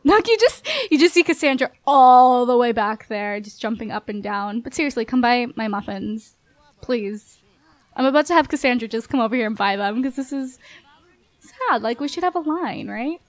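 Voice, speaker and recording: A woman's voice: fairly high pitch, expressive, normal speed, dry recording. A woman giving chatty, bubbly commentary on her life-sim game, laughing often and talking to the characters on screen. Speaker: gameplay commentator.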